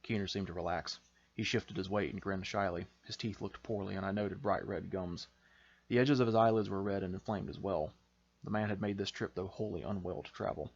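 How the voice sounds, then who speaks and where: Low-voiced man reading his own novel. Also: creaky, breathy edge, muffled recording. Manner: measured, expressive storytelling. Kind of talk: audiobook-style fiction reading.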